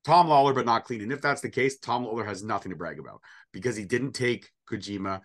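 A man's voice: mid-range voice, fast, fairly bright tone. A man co-hosting a casual wrestling prediction show, joking and rambling with sarcastic asides. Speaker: podcast co-host.

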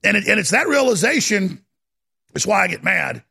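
A man hosting a talk radio show, ranting fiercely and stammering as he swings from shouting to low muttering. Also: big pitch swings, normal speed, gravelly, husky. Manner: fiery, stammering restarts.

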